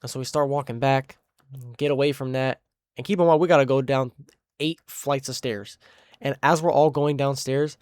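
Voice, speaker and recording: Animated young man telling a wild story. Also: mid-range voice, moderate pace, clear, resonant tone, no echo, studio quality. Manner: animated, slangy, with sound effects and restarts. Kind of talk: casual storytime.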